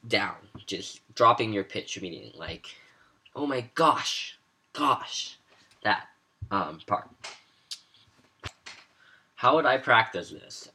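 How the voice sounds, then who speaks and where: A man's voice: fairly low pitch, sharp tone. A man giving a casual spoken lesson, explaining sounds and demonstrating each one aloud with a few fillers. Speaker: language teacher.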